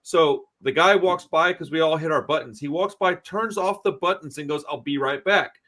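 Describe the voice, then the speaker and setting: A man with a slightly higher voice than most men, swearing freely as he tells long stories in casual podcast chat. His talk is blunt and rambling. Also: moderate pace, a bit bright. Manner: blunt, profane, rambling anecdotes. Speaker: podcast host.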